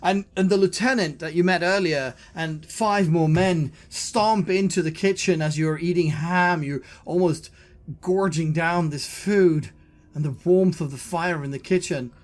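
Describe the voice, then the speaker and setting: A man narrating a tabletop horror game as game master, speaking English as a second language, halting and repeating words as he goes. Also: fairly high pitch. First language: Swedish.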